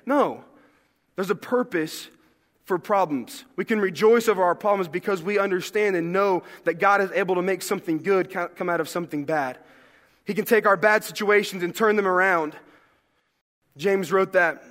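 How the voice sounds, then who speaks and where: A young man with a drawl preaches to his congregation with a fairly high voice. He talks conversationally, tossing in jokes and questions to the room. His words carry a long, ringing reverb from the church hall. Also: moderate pace, fairly bright tone. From American South. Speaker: pastor. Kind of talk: sermon. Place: church sanctuary.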